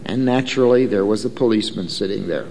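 A man's voice: fairly low pitch, fast talker, mellow, big-room sound, a little hiss or hum. A man preaching a sermon in a conversational way, telling a story and asking the congregation questions. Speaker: pastor.

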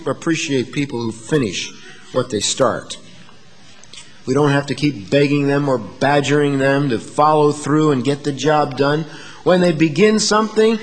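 Man, pastor, sermon, high-pitched, very animated, hushed-to-emphatic delivery, long hall reverb. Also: slight background noise. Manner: dynamic preaching, swings from hushed to emphatic.

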